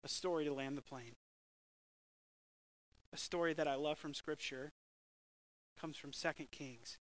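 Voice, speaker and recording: A man preaching a sermon with lively swings between loud, emphatic bursts and hushed, slow scripture reading. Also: fairly high pitch, no echo, rough recording. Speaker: pastor.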